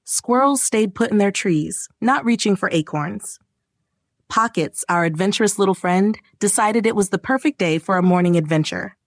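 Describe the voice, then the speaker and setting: Female narrator for a kids' bedtime story, gentle and expressive, mid pitch, dry close sound. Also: normal speed, no room sound.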